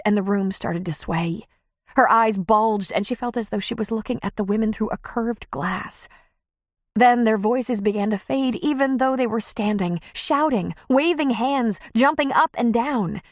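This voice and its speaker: A woman narrating an audiobook in an expressive, measured reading. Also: on the high side, dry recording, clean studio sound. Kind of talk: scripted narration.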